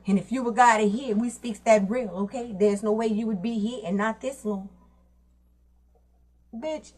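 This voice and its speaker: A woman's voice: mid-range voice, a little mellow. Blunt, profane woman reading tarot cards. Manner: blunt, profane, streetwise slang. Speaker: tarot reader. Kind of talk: casual tarot reading for viewers.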